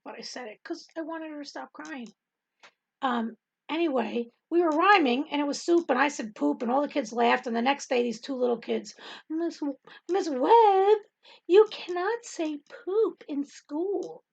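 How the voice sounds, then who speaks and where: A woman's voice: fairly high pitch, a little fast, creaky, breathy edge, lo-fi sound. A middle-aged woman telling a rambling testimony in casual talk, with many ums and frequent laughter. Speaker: Bible study host and teacher.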